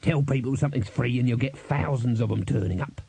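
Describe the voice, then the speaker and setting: A man voicing a greedy, fast-talking male street trader who haggles and wheedles. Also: medium pitch, gravelly, dark tone, husky. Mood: wheedling.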